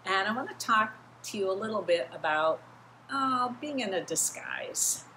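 A woman giving a children's sermon, telling a Bible story in an animated way and acting out the voices of the people in it. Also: mid-range voice, moderate pace, a little hiss or hum, low-quality recording. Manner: animated, acts out quoted voices, talks straight to kids. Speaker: children's message leader.

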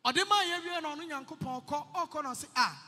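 A man interprets a sermon, calling out each phrase loudly and with energy. His voice is very high and bright. A long reverb from the church hall trails behind every phrase. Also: fairly quick, soft background music.

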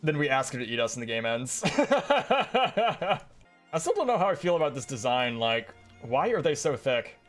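Guy streaming a game, swears a ton, laughs a lot, slightly high voice, faint music under. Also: moderate pace. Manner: profane, excitable, laughs often. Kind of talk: casual gaming commentary.

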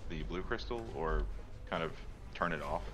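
A man's voice: rumbling low, moderate pace, over music. A man playing in a tabletop game, speaking hesitantly with many fillers over an online voice chat mic. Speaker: player.

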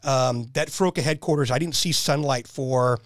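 A man's voice: medium pitch, normal speed, no echo. A man in his fifties, a military veteran, telling stories in a rambling, enthusiastic way as a podcast guest. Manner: enthusiastic, rambling storyteller who repeats himself. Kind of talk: casual storytelling.

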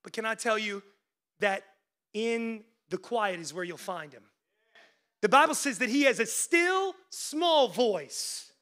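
A male pastor preaching a sermon, swinging between loud, urgent peaks and hushed lows, with casual "like" asides and calls to the congregation. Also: lively intonation, slow pace. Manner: conversational asides with frequent "like" fillers.

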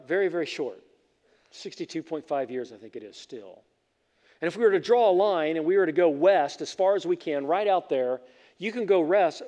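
A preacher man with a high voice in a reverberant hall. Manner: animated storytelling with rising emphasis. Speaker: pastor. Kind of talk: sermon.

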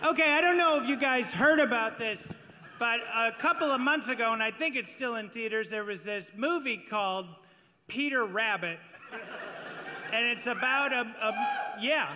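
A man on a live comedy podcast stage, telling a story with animated, mock-indignant energy. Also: extremely high pitch, normal speed. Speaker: podcast regular. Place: large theater stage before an audience. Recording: live theater hall with crowd noise.

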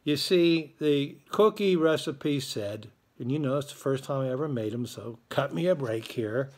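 A man's voice: medium pitch, expressive, normal speed, a little mellow. Chatty, playful man hosting school announcements. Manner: chatty, playful, joking with listeners. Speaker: school morning show host.

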